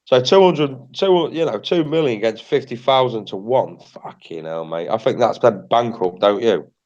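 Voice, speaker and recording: A man's voice: mid-range voice, normal speed, a little mellow, lo-fi sound. A British man hosting a livestream in casual chat, blunt and repetitive, swearing freely. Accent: British English. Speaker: livestream host.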